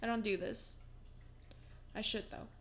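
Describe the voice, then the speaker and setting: A woman's voice: a little high, steady tone, a little slow. A young woman vlogging from home, telling a personal story in a casual, chatty way with many fillers and restarts, and breaking into laughs as she talks.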